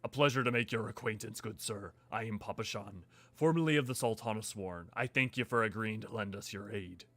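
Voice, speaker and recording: A man voicing a pompous, genteel older male merchant who speaks slowly and formally, reading game dialogue aloud. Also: lowish voice, vocal fry, a bit bright, pitched below the performer's own voice. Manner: slow, formal, grand.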